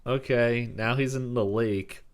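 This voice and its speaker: A man's voice: mid-range voice, measured pace, smooth. A man co-hosting a podcast, chatting casually and laughing often. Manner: laughs often, relaxed reactions. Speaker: podcast co-host. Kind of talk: casual chat.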